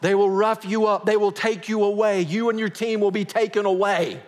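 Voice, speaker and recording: A man voicing a panicky local pastor who repeats himself loudly in alarm. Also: high voice, steady tone, normal speed, pitched above the performer's own voice, close to an everyday voice. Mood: panicked.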